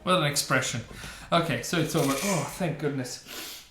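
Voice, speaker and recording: A man's voice: fairly high pitch, normal speed, music in the background. A man hosting a game reaction video, giving opinionated, sarcastic commentary and laughing often. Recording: roomy echo.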